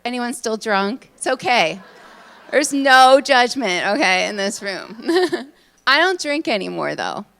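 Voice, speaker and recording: Excitable, chatty woman speaker addressing a room, lively and fairly high voice. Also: slow pace, vocal fry. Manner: bubbly, excitable, chatty with many fillers. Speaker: conference speaker, hypnotist. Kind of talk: live talk to an audience. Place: event room in front of an audience.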